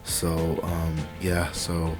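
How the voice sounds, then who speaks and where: Hushed low-voiced young man gaming at night. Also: monotone, very slow, music in the background. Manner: hushed, quiet talking to avoid waking family; rambling, many fillers and restarts. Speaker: let's play gamer. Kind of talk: casual gameplay commentary. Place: home at night. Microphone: cheap desk microphone.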